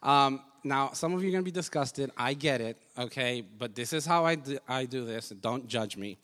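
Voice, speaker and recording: A man telling a funny story about his marriage to an audience, animated, self-mocking and often laughing. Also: medium pitch, moderate pace. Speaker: husband sharing a testimony. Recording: echoey hall with long reverb.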